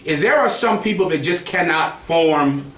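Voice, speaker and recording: A man's voice: a little high, lively intonation, measured pace, reverberant, background noise. A man preaching to a group in a heated, mocking way, swearing freely. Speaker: group teacher. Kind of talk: street preaching.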